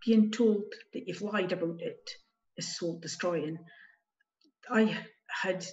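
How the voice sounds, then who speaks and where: A woman guest giving candid spoken testimony, emotional and halting, with wry asides. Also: fairly low pitch, darkish tone. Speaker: guest telling her story. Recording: dull lo-fi recording.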